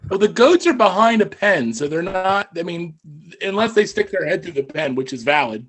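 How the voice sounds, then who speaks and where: A man narrating as game master of a tabletop game over voice chat, wry and relaxed, often stopping to restart a sentence. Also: high-pitched, normal speed, breathy edge.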